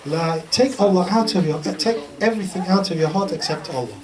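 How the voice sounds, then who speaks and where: An Islamic teacher gives an informal religious talk in a lecture room, chatty and humorous, telling stories and repeating a chant. His voice sits high with a darkish tone and a brisk pace, and the distant mic picks up faint background noise.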